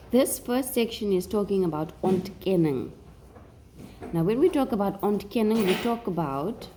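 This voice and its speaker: A woman with a South African accent teaches a language lesson at an unhurried, deliberate pace. Her pitch rises and falls in a lively way as she repeats each phrase in English and Afrikaans. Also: slight background noise. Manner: slow and deliberate, switching between English and Afrikaans. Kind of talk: recorded lesson for learners.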